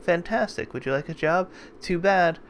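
A man's voice: sits high, moderate pace, a little hiss or hum. A man hosting a let's play, giving casual, jokey gameplay commentary and thinking aloud as he plays.

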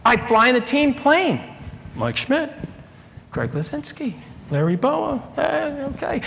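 A middle-aged man giving a storytelling keynote talk, animated and bursting into shouted voices of the people in his stories. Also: extremely high pitch, a little slow, vocal fry. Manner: animated, acts out shouting characters mid-story. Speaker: keynote speaker. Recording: echoey hall with long reverb.

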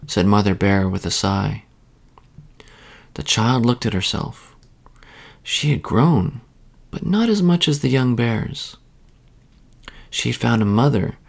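A male storyteller reading a children's bedtime tale aloud, soothing and even. He takes his time over every phrase, and his voice has a gravelly texture. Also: medium pitch, slow pace, pauses often.

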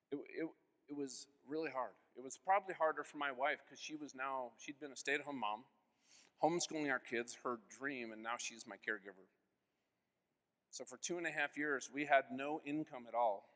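In a conference hall with a long reverb tail, a man in his forties gives an earnest personal testimony, acting out the voices of people in his story. He speaks at normal speed in a medium-pitched, sharp-toned voice.

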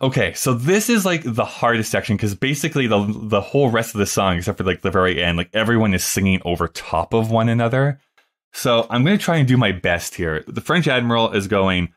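A man's voice: lowish voice, animated, fairly quick. A man hosting a podcast, talking casually with many fillers and reading out song lyrics. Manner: chatty, many fillers, reads lyrics aloud. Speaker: podcast host. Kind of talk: casual discussion.

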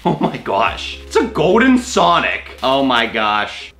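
A young man casually chatting and joking as he opens and reads fan mail aloud, with sudden high squeals. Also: takes it slowly, few pauses, soft background music. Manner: animated and jokey, with sudden high squeals and mock-gruff asides. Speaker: YouTuber opening fan mail. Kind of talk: casual vlog chat, reading letters aloud.

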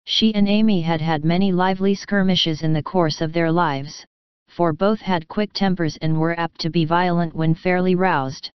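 A woman narrating a classic novel audiobook in a calm, even storytelling manner. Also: lowish voice, moderate pace, clean tone, no room sound, dull audio.

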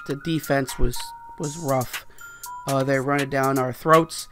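A young man giving excited, animated commentary over his own football video game, exclaiming and groaning at each play. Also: a little high. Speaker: gaming YouTuber.

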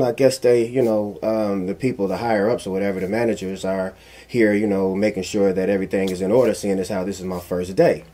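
A man giving casual commentary, telling a personal story in an animated, emphatic way that repeats phrases for emphasis. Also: fairly low pitch, fairly quick. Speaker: commentary vlogger.

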